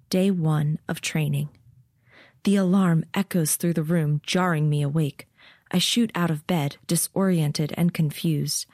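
A woman narrating an audiobook and hosting its podcast, reading with steady, expressive storytelling. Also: low voice, dry recording, studio quality.

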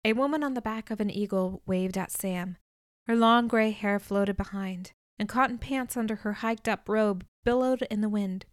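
A woman narrating a novel in the first person, telling it at a measured pace and lifting her voice for dialogue. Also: mid-range voice, no room sound, studio quality. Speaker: audiobook narrator.

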